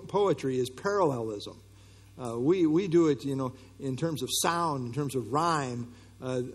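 Male pastor, sermon delivery, somewhat high voice with a husky edge, earnest and conversational, long reverb. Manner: earnest, conversational teaching with frequent fillers and restarts.

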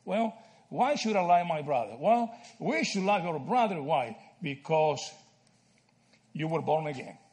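A man from Argentina teaching a Bible study, animated and checking in with "right?" and "okay?" as he explains. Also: on the high side, measured pace.

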